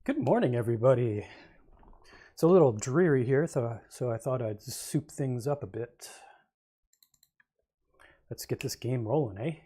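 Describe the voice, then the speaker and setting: A man's voice: mid-range voice, a little slow, pauses often, dark tone, breathy edge. Laid-back man chatting on a game stream. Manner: easygoing, rambling, chuckles to himself. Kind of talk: casual livestream chat while gaming.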